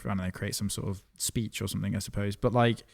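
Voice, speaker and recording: A man in his thirties co-hosting a podcast in casual, excitable chat. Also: lowish voice, fast, creaky. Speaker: podcast co-host.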